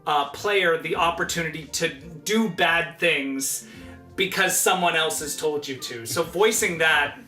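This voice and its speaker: A man's voice: on the high side, unhurried, pushed and bright, echoey room, soft background music. A man, a game writer and voice actor, chatting casually and animatedly, laughing often. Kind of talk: casual chat.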